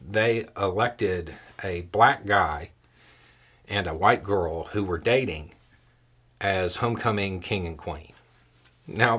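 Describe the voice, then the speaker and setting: A man's voice: low-pitched, fairly bright tone, breathy edge. A man hosting a solo political commentary show, talking in a conversational, dry way with emphatic stresses.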